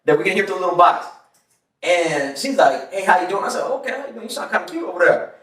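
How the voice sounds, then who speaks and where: A man's voice: high-pitched, fast, far from the mic. A man hosting a casual podcast, telling a story with laughs and acted-out quotes. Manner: animated, laughing, acts out quotes in voices. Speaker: podcast host. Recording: echoey room, off-mic.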